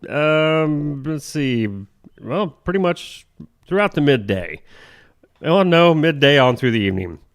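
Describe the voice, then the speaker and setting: A man's voice: a little high, animated, measured pace. A man co-hosting a morning show, joking around and reading ads and the weather. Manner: joking, laughs often, rambling.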